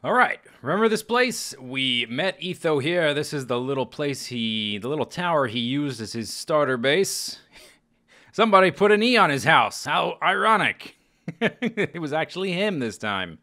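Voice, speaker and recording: Lively, bright-voiced man narrating gameplay. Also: a little high, a little slow. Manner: chatty, animated, exclaims and laughs at the game. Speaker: Let's Play host. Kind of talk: casual gameplay commentary.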